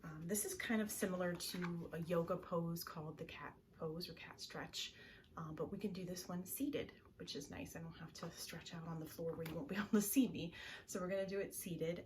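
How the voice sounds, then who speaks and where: Woman, children's librarian; calm, soothing bedtime reading, gentle and partly whispered; sits a little low in pitch. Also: brisk, background noise. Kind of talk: bedtime story time and breathing exercise.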